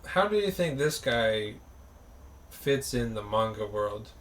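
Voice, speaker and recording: A young man co-hosting a casual podcast chat, joking and acting out characters in quick bursts. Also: mid-range voice, expressive, a bit bright. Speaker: podcast co-host.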